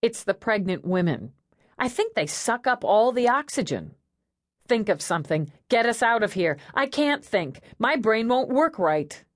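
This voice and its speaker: A woman's voice: on the high side, sing-song, measured pace, no echo, clean studio sound, pitched above the performer's own voice. A woman voicing a tough, blunt woman police detective in an audiobook, wry and rattled.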